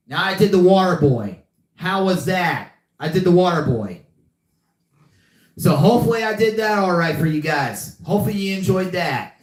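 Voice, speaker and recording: Reading the chat on his casual live podcast, a man rambles and repeats himself, filling the gaps with lots of fillers. His voice is high-pitched and animated at a moderate pace, and the room echoes.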